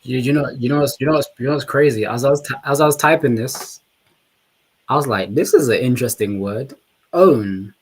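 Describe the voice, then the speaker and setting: A man's voice: medium pitch, a little fast, a little hiss or hum, poor audio. A man co-hosting a live stream, musing reflectively and often restarting his phrases. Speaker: co-host. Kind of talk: casual live-stream chat.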